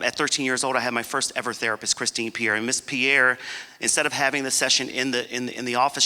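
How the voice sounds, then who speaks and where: Bright-voiced man giving a keynote in a hall. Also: medium pitch, clear, resonant tone. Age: 40s. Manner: earnest, emphatic storytelling that acts out dialogue. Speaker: keynote speaker. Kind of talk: personal storytelling keynote speech. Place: large conference hall. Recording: long reverb of a conference hall.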